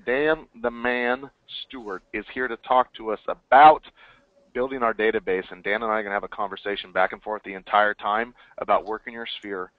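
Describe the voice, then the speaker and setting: A man hosting a webinar in casual chat, with an energetic, hyped promotional delivery. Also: fairly low pitch, a little fast, no echo. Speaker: webinar host. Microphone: call or webinar line. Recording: tinny phone-line audio.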